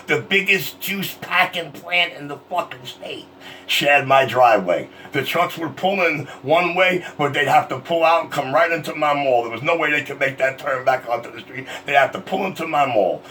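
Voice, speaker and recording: A man's voice: a little high, pushed and bright, slight background noise. A man on a CB radio channel, boasting and trading insults in a heated on-air argument. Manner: boastful, profane, combative. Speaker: CB radio operator.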